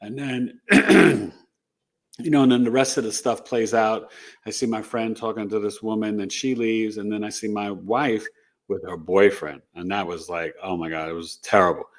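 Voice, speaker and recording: A middle-aged man, an astrologer, tells a personal story as an interview guest, animated and rambling, with lots of "you know" and "right?". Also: on the low side, moderate pace. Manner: animated, re-enacts dialogue in the telling.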